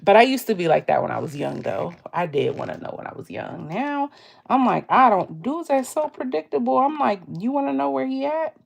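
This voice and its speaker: Gravelly-voiced young woman, casual storytime. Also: mid-range voice, a little fast. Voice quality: gravelly vocal fry. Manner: candid, laughing often, quotes herself in lively voices. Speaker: beauty vlogger.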